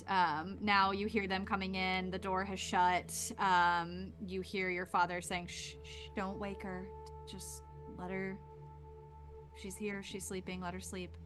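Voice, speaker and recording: A woman's voice: fairly low pitch, fairly bright tone. A woman running a tabletop role-playing game, narrating scenes casually with many fillers. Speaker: game master.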